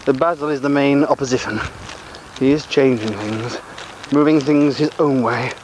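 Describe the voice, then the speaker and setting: Man voicing a pompous, scheming controller for an audio drama; measured and formal, light noise. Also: mid-range voice, fairly even intonation, darkish tone, close to an everyday voice, poor audio. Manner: formal, measured, self-important. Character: cold, scheming male controller.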